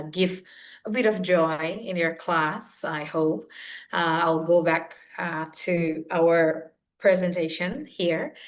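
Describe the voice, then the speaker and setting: Woman presenting a teacher workshop, low voice, hesitant, on a video call. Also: a bit bright. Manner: hesitant, many fillers. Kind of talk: webinar presentation.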